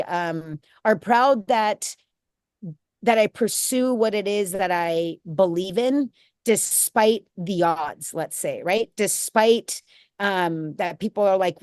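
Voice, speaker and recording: A woman's voice: mid-range voice, a little slow, darkish tone, smooth, no room sound. Heartfelt rambling woman, dry sound. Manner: heartfelt, rambling, many fillers and restarts. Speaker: interview guest, nonprofit founder. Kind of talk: candid conversational interview.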